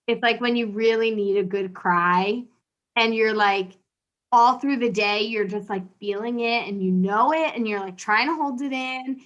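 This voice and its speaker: A young woman with a fairly high voice hosts a casual podcast chat at a moderate pace, with lo-fi sound. She animatedly retells a comedy routine, performing its bits in theatrical voices.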